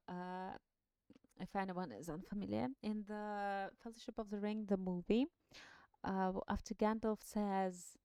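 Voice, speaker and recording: Sex: woman. Native: not English. Role: streamer reading a book aloud and chatting. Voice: mellow, smooth, dry. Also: mid-range voice, no room sound. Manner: chatty, laughing, self-deprecating. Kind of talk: book reading and casual chat on a live stream.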